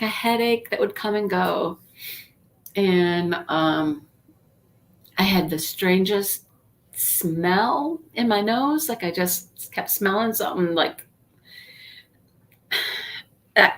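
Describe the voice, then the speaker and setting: A woman chatting casually to viewers on a live stream, rambling and greeting people by name, while congested from a sinus infection. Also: medium pitch. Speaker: YouTube livestream host.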